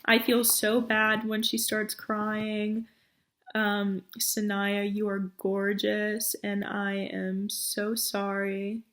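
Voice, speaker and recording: A woman's voice: medium pitch, monotone, slow, fairly bright tone. A woman contestant gushing apologetically in a confessional. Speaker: game contestant.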